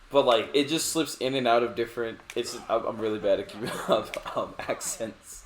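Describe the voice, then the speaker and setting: A man's voice: mid-range voice, a little fast, few pauses. Chatty man gaming in an echoey room. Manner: chatty, rambling, casual swearing. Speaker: let's play host. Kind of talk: casual co-op gameplay commentary. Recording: echoey room, faint game music.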